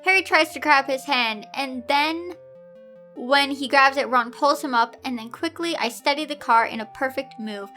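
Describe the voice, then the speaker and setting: Bright-voiced young woman reading fan fiction. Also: high-pitched, normal speed. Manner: lively, with asides to herself. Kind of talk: reading a fan story aloud. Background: soft background music.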